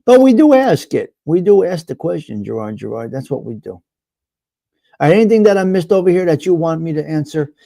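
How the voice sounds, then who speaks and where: A man's voice: fairly high pitch, a little fast, gravelly, dark tone, no room sound. A man hosting a live stream, ranting bluntly and profanely to his viewers and repeating himself. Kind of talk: casual ranting chat with viewers.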